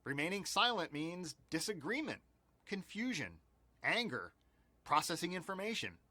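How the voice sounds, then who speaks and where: A man's voice: sits high, sing-song, moderate pace, sharp tone, dry recording. A man giving a scripted training lesson as instructor, with an explanatory, emphatic delivery.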